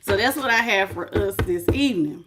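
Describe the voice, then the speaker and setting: A woman's voice: medium pitch, animated, brisk, heavy background noise. A middle-aged woman reading tarot on a livestream, chatting casually with viewers, greeting them by name and calling them baby. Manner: prayerful invocation. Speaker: tarot reader.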